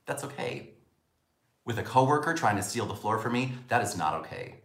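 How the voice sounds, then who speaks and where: A man's voice: mid-range voice, moderate pace, creaky. A man teaching a spoken lesson on communication, acting out quoted lines as he goes. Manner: animated, acts out quoted lines. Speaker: communication coach. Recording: roomy echo.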